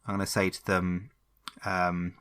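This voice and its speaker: A man's voice: deep voice, little pitch movement, measured pace, a bit bright, clean tone. A man playing a tabletop game, chatty and a bit hesitant as he describes his moves. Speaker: player.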